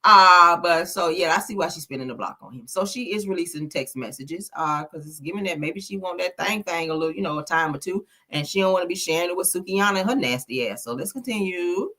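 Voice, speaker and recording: A woman's voice: on the low side, expressive, fast talker, hardly any pauses, pushed and bright. Sassy, profane woman gossip commentator. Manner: sassy, blunt, profane, laughs often.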